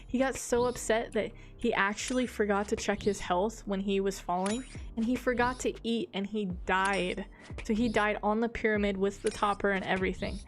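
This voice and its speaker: A woman's voice: mid-range voice, moderate pace. A woman streamer casually telling a funny gaming story, giggling often, swearing, and quoting a friend's lines. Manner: giggly, swearing, animated retelling with quoted dialogue.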